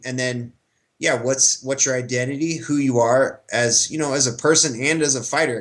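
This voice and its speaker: A fighter answering interview questions in a relaxed way, often pausing with fillers. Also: male voice, medium pitch. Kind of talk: casual sports interview.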